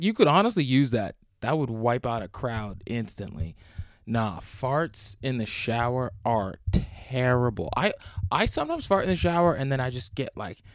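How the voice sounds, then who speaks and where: A young man hosts a solo podcast, rambling along in a crude, jokey way. His voice sits at a medium pitch, and the recording is clean studio sound with no room echo. It's a casual one-person chat.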